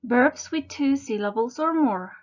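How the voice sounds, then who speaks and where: Woman teaching english grammar, talks real slow and careful, kinda high voice, dull lo-fi sound. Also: animated. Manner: slow, deliberate, spelling out letters. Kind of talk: scripted grammar lesson narration.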